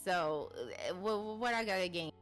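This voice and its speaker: A woman talks in a loose, rambling way, filling her sentences with fillers and breaking into laughs. Her voice sits at a middle pitch. She is on a streaming mic at home, with faint music playing underneath. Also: normal speed, a bit bright. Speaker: interview guest, VTuber. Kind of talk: casual chat.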